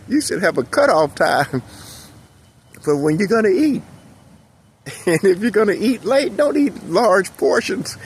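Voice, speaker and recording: A man's voice: sits high, big pitch swings, normal speed, slight background noise. A middle-aged man giving a casual motivational monologue, folksy and rambling, chuckling often as he talks.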